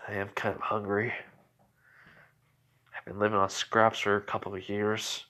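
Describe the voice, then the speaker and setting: A man's voice: fairly low pitch, monotone, normal speed, sharp tone. A man voicing a seventeen-year-old scarred villain boy who speaks in a hesitant, wary way. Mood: weary.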